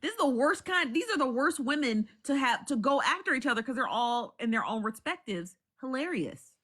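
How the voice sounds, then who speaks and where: A woman chatting to her live-stream viewers in a loose, profane way. Her voice sits a little high and bright, and it swings widely up and down as she circles back over the same points and laughs between them. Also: animated, a little fast. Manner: profane, repetitive, laughs often. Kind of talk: casual live-stream chat.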